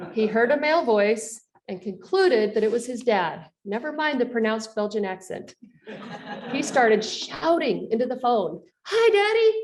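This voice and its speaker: A woman's voice: medium pitch, a little mellow, recorded from a distance. A middle-aged woman professor giving a personal lecture, telling her story earnestly with light, self-deprecating humor. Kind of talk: personal faith-and-career lecture. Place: university lecture hall.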